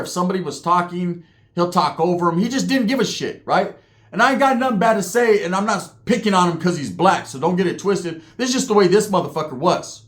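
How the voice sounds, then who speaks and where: A man telling a story in a loose, streetwise way, swearing freely and dropping "right?" after his points. His voice sits somewhat high for a man. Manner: streetwise, profane, frequent "right?" asides. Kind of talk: casual spoken storytelling.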